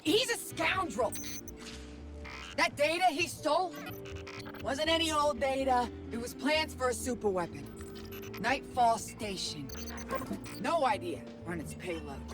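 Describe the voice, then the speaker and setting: Grave, weary woman ally. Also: a little high. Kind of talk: video game voice acting.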